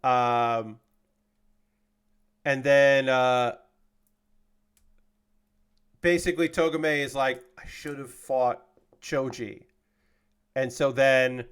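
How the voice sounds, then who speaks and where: A man's voice: medium pitch, clean tone. Casual, cussing male streamer. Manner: loose and profane, with many fillers and restarts; gets heated and indignant when he talks about unfair characters. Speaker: streamer recapping an anime episode. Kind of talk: casual livestream chat.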